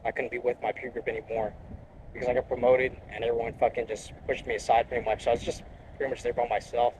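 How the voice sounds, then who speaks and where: A man's voice: medium pitch, level tone, fast, darkish tone, slight background noise, low-quality recording. Blunt, profane young man. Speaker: interviewee, Marine reservist. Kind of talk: casual interview.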